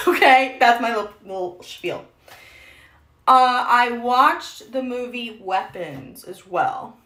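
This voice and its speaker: A woman's voice: on the high side, animated, slow pace, a bit bright, echoey room, low-quality recording. A young adult woman streaming a casual get-ready-with-me chat, rambling and self-deprecating.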